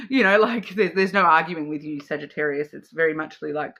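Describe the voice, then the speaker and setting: This is a woman doing a relaxed card reading, with a bright, clear tone. She rambles, restarts her sentences and fills gaps with ums and you-knows. Her delivery stays chatty and loose, as if she is talking to a friend. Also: low voice, fairly quick, few pauses. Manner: chatty and rambling, with frequent fillers, self-restarts and laughs; acts out playful quoted voices. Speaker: card reader. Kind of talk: casual intuitive card reading to camera.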